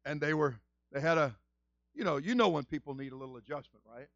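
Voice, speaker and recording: A man, a senior pastor, giving a conversational sermon and telling stories with lively asides. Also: a little high, fast, gravelly, no echo, dull audio. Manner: animated storytelling, acts out quoted voices.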